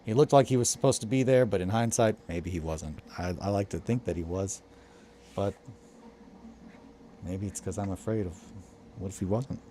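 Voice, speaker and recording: A man's voice: fairly low pitch, moderate pace, pauses often, mellow, a little hiss or hum. A man streaming a hobby session, chatting casually and telling rambling stories between tasks.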